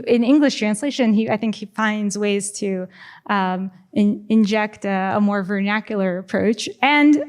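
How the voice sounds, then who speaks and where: A young woman on a panel discussing translation, speaking thoughtfully and haltingly, pausing and restarting as she works through ideas. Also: a little high.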